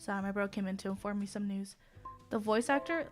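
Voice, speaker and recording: A woman's voice: mid-range voice, brisk, faint music behind. A woman streamer in casual live-stream chat, sounding sick as she rambles apologetically between sighs and groans.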